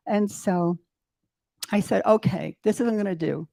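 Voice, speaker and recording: Warm-voiced woman in her eighties. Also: medium pitch, normal speed, creaky. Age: 80s. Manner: animated storytelling, acting out her own inner voices with laughs. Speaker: interview guest. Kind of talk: storytelling in a live interview.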